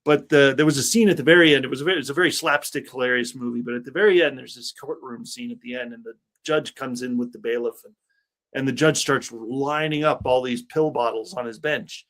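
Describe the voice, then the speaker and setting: A man hosting a casual interview, chatty and quick to laugh, who rambles into anecdotes. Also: medium pitch, a bit bright. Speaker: podcast host.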